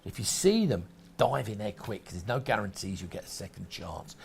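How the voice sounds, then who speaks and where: A man's voice: on the low side, lively intonation, brisk, vocal fry, slight background noise. A man hosting a shopping channel, talking through collectables in chatty, rambling sales patter with frequent restarts. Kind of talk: sales presentation.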